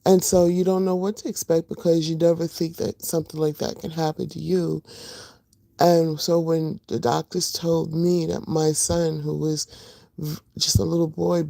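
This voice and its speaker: A middle-aged woman hosting a casual livestream, just woken up with a rough voice, chatting to her viewers with lots of fillers. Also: low-pitched, little pitch movement, moderate pace, no echo. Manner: chatty, warm greetings to viewers, many fillers. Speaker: livestream host.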